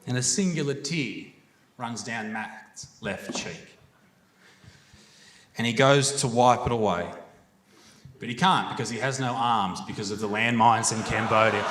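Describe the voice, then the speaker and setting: A man's voice: mid-range voice, a bit bright. Brash Australian man doing stand-up. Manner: crude, swearing, brash storytelling. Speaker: stand-up comedian. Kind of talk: stand-up comedy set. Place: comedy venue stage with live crowd.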